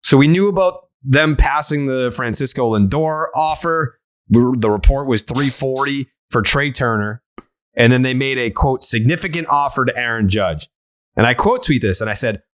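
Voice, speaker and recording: A man hosting a sports podcast, ranting in a profane, animated way in casual chat. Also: mid-range voice, moderate pace. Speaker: podcast host.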